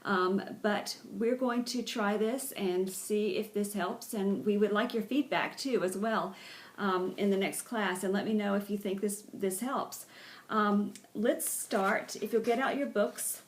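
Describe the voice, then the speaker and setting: A woman ESL teacher slowly and carefully pronouncing vocabulary words, repeating each one several times for her students. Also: medium pitch. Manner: slow, careful enunciation with repetition. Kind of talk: vocabulary pronunciation lesson.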